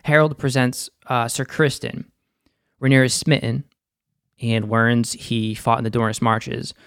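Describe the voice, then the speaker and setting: A man's voice: mid-range voice, flat delivery, unhurried, a bit bright, clean tone, no room sound, studio quality. A young man with a Boston accent hosting a casual, slangy and opinionated episode recap. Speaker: show recap host.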